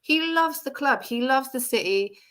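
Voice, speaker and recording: A woman co-hosting a casual football chat, animated and laughing often. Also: high voice, moderate pace. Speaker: football podcast co-host.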